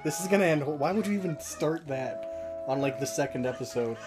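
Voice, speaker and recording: A man's voice: a little high, lively intonation, brisk. A young man co-hosting a let's play, teasing his friend sarcastically and cursing, over game music. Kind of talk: casual gaming banter. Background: video game music.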